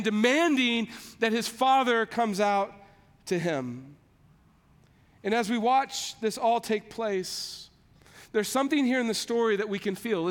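A man's voice: very high-pitched, in a large hall. A man preaching a sermon, telling the story vividly and acting out the characters' lines as he goes. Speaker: pastor.

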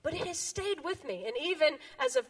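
A woman in her forties giving a children's message in a church sanctuary, an animated, expressive storyteller reading a picture book. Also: sits high, a little fast. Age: 40s. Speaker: children's sermon leader.

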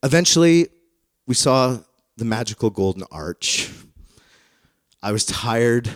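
A man in his thirties preaching a sermon through personal stories, in a conversational, self-deprecating manner that grows animated when he retells dialogue. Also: medium pitch, takes it slowly, no echo, studio quality. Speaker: pastor. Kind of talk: storytelling sermon.

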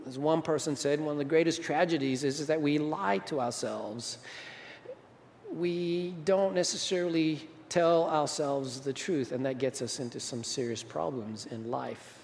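Speaking slightly high and expressively, a pastor takes his time through a sermon, his tone a little mellow. He engages the audience in conversation and often poses questions, amid the long reverb of a big hall and slight background noise.

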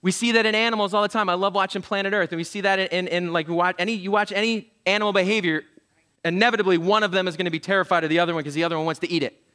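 Male pastor, sermon, high voice, bright tone, animated storytelling, jokey asides. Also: rapid-fire. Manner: humorous, self-deprecating asides.

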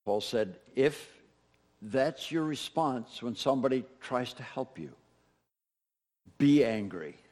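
A man's voice: mid-range voice, lively intonation, slow pace, long pauses, darkish tone. A man preaching a sermon as pastor, talking conversationally and directly to his congregation, often repeating phrases for emphasis. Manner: conversational, speaks straight to the congregation with repetition.

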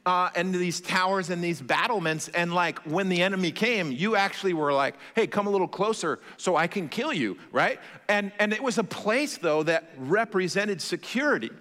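A man preaching a sermon as pastor, telling stories in a conversational, animated way with self-deprecating humor. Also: high voice. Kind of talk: sermon with storytelling. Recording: long hall reverb.

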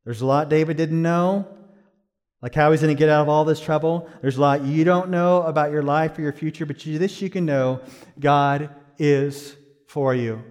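A middle-aged pastor preaching a sermon, swinging from hushed, slow phrases to loud, high-pitched exhortation. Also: male voice, steady tone, in a large hall.

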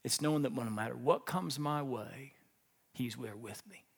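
A man preaching a sermon, telling a story with animated swings between loud bursts and hushed lines. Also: mid-range voice, normal speed, gravelly, breathy edge, in a large hall. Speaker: pastor.

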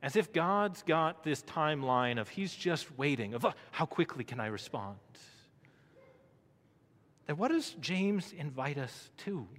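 Pastor, male, high voice, measured unhurried delivery, swells and drops, church hall echo. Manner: rising to emphatic peaks then dropping low and soft; rhetorical questions to the congregation. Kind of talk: sermon. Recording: long reverb of a large hall.

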